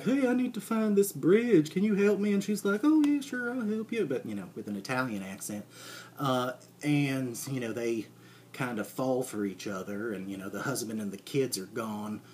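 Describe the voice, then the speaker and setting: Guy doing a deadpan comedy bit, rambles and restarts a lot, faint hum behind. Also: medium pitch. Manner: rambling, halting, full of fillers and restarts. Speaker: comedic character monologue. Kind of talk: deadpan comic monologue.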